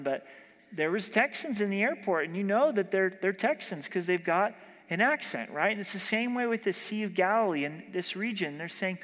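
A man's voice: high voice, expressive, moderate pace, a bit bright, long reverb tail. A man preaching a sermon as pastor in a conversational way, acting out dialogue with everyday examples. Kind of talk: expository sermon.

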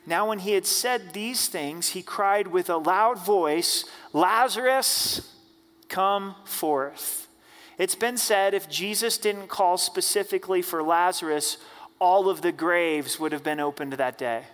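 A man preaching an Easter sermon as pastor, reading scripture aloud and then preaching on it with measured emphasis. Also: high voice, a bit bright. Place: church sanctuary. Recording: church hall with long reverb.

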